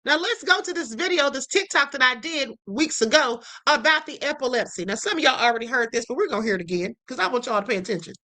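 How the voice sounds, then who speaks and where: A woman hosts a live stream with a high, bright voice. She talks straight to her viewers, emphatic and indignant. She keeps checking in with them with a quick "okay?". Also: lively intonation, low-quality recording. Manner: emphatic, repeats "okay?" to the audience; indignant, addresses viewers directly.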